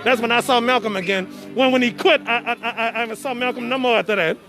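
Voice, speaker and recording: With a medium pitch, steady tone, and quick pace, the host of an online show chats live from an outdoor family party, often stammering and repeating words. The phone captures party noise, music, and a chattering crowd.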